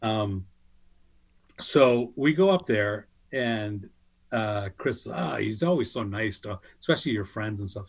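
A middle-aged man telling a lively story in casual chat, acting out what people said in a higher voice. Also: unhurried. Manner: animated, acts out quotes in a higher voice. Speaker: guest storyteller. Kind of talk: casual anecdote on a podcast.

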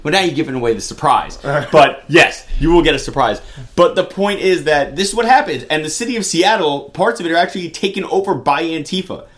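A man's voice: a little high, a little fast, fairly bright tone. A man co-hosting a political talk podcast, speaking bluntly and heatedly with strong emphasis. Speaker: podcast co-host.

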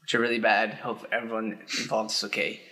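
A young man in a relaxed podcast chat with friends. He wanders through his stories and keeps stopping to fill the gaps with filler words. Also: on the low side. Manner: rambling, full of "like" and trailing pauses. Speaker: podcast co-host. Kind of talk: casual chat among friends.

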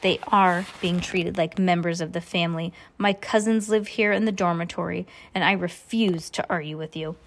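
A woman's voice: on the low side, steady tone, normal speed, few pauses, natural voice. A woman reading aloud as a bossy, impatient male lumber mill boss who barks out orders. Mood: angry. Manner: curt, barking orders.

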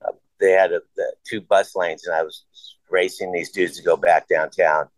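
Low-voiced man telling rambling stories. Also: steady tone, normal speed, no room sound, rough recording. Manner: rambling and profane, acts out quoted dialogue. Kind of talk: casual conversation.

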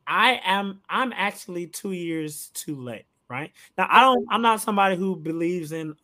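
A man hosting a podcast, chatting casually with his guest and jumping in with excited interjections. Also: high-pitched, normal speed. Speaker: podcast host.

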